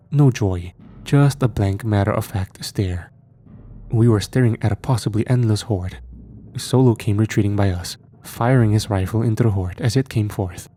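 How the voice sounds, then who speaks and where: A man narrating a first-person horror story in a measured, steady way. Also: lowish voice, slight background noise.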